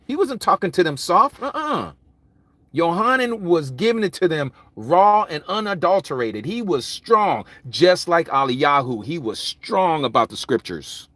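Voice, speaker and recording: A man preaching a Bible study sermon, loud and vigorous, with mounting intensity. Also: a little high, sing-song, a little slow, no echo. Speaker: Hebrew Roots Bible teacher. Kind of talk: impassioned livestream sermon.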